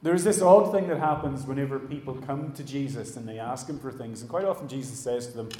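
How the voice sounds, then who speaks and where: A man preaching a sermon in a church, animated, acting out the voices he quotes and dropping to a hush at the ends of phrases. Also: medium pitch, fairly quick. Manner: animated, acts out quoted voices, trails off quietly. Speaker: pastor. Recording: echoey church room.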